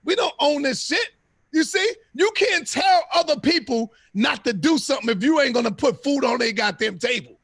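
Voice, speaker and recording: A man hosting a live-stream debate, loud, profane and preaching. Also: very high-pitched, lively intonation, normal speed, gravelly, few pauses, breathy edge, no echo, studio quality. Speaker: host.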